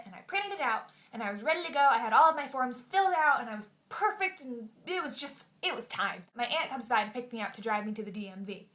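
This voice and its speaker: A woman's voice: on the high side, fairly bright tone. A young woman chatting casually to her camera, telling stories in a chatty, self-mocking way. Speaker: vlogger. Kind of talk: casual vlog storytelling.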